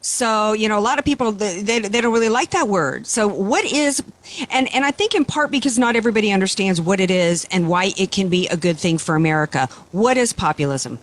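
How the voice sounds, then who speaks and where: A woman's voice: medium pitch, brisk. Emphatic woman radio talk host. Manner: emphatic, repetitive phrasing with restarts.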